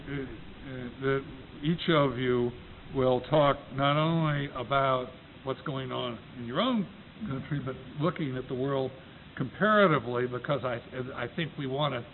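A man from the United States moderating a panel, introducing the topic with frequent restarts and a wry story. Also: medium pitch. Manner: halting, self-correcting, wry storyteller. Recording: tinny phone-like recording with faint noise.

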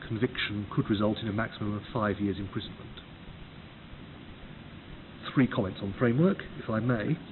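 A man's voice: fairly low pitch, moderate pace, long pauses. A man from the United Kingdom, an official of a competition agency, giving an orderly prepared talk point by point. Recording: tinny phone-like recording with clear hiss.

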